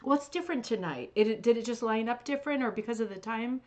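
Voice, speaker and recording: A woman's voice: fairly high pitch, fast. Chatty woman hosting a craft livestream. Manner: chatty and warm, with many fillers and restarts. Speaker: host of a rug hooking club livestream. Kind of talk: casual livestream chat, greeting viewers and reading comments. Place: sitting on a couch at home.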